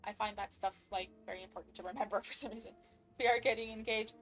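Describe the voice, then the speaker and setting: A woman's voice: medium pitch, steady tone, fast. A woman streaming a game live, chatting bubbly with her viewers and laughing often. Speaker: VTuber streamer. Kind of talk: casual live-stream chat while gaming. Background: faint background music.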